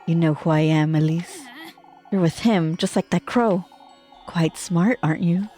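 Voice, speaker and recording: A woman voicing a sly, taunting serpent spirit in a horror game, reading its lines in a slow, mocking way. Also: lowish voice, warm tone, soft background music, close to an everyday voice. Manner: mocking, calls her lass.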